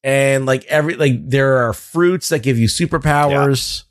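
A man's voice: medium pitch, normal speed, dry recording, studio quality. A man co-hosting a podcast, chatting casually about a show with lots of fillers and swearing. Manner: rambling, profane, lots of fillers. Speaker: podcast co-host. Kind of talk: casual review chat.

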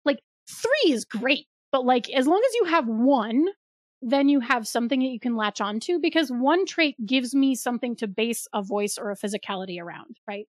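A woman's voice: a little high, lively intonation, normal speed, no room sound, clean studio sound. A young woman co-hosting a podcast, chatting casually with lots of likes and rights and easy laughs. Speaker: podcast co-host. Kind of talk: casual chat.

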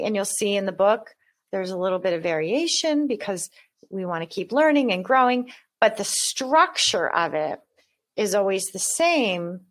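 A woman's voice: medium pitch, fairly bright tone. Woman, author guest, earnest, explanatory, repeats words, conversational. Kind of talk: conversational interview.

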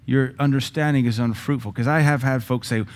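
A male pastor teaching a sermon in a lively, joking way, now and then breaking into praying in tongues. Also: medium pitch, brisk.

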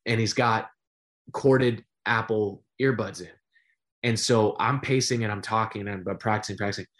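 A middle-aged man, a sportscaster guest, telling stories in a casual interview, animated and full of fillers. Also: on the low side, normal speed. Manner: animated storyteller with many fillers.

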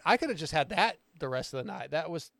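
Excitable rambling podcast host. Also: male voice, a little high, fast, creaky, dry recording, clean studio sound. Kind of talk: casual podcast chat.

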